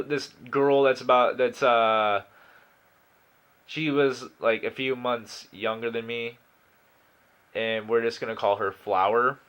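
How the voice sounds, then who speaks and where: A man's voice: mid-range voice, fairly bright tone. A nineteen-year-old man telling a story in a casual, rambling way, with lots of swearing, fillers and restarts.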